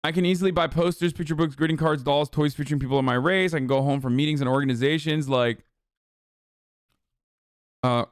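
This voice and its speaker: A man's voice: mid-range voice, clean tone, no echo, clean studio sound. A man streaming live, reading text aloud and reacting with blunt, profane, exasperated rants.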